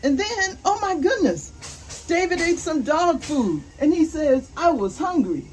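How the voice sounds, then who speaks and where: An older woman with a very high-pitched, animated voice reads a picture book aloud to her grandchildren, slowly and gently, asking them questions. The audio is poor, with faint roofing work noise in the background.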